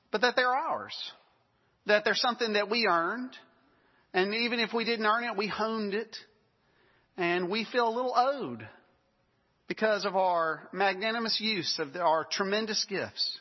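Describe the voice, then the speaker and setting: A man's voice: sits high, husky, in a large hall, dull audio. A man preaching a sermon in a conversational way, with self-deprecating asides.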